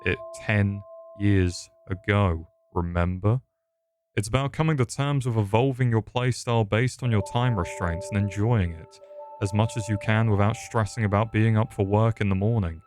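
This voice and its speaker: A man's voice: fairly low pitch, fairly even intonation, brisk, a little mellow. A man reading a rambling, self-mocking scripted video essay, stuttering and going off on tangents. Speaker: YouTube host.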